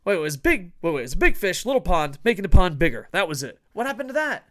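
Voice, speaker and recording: A man's voice: on the high side, very animated, quick pace, a bit bright. A young man hosting combat sports news as casual commentary, swearing a lot, ranting and often laughing. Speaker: wrestling news host. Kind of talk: casual commentary reading headlines.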